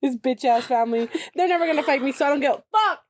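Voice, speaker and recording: A woman's voice: high-pitched, fast talker, slight background noise. A young woman in her twenties on a casual podcast, chiming in with jokes and teasing remarks. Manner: teasing, joking interjections. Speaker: podcast co-host. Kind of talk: casual chat.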